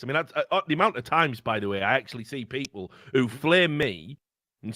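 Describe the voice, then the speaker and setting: A man holds forth on a podcast in long, rambling runs, swearing freely and leaning hard on his points. His voice sits at a middling pitch. The recording is close and dry, with no room sound. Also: animated, fairly quick, bright, forceful tone, dry recording. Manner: rambling, profane, emphatic. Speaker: podcast co-host. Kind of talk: casual podcast chat.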